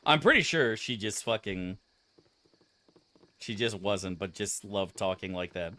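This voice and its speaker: A man's voice: lowish voice, animated, measured pace, pushed and bright, dry recording. A young man streaming a game, chatting casually to his viewers in a profane, ranting, mock-outraged way. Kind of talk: casual live-stream chat.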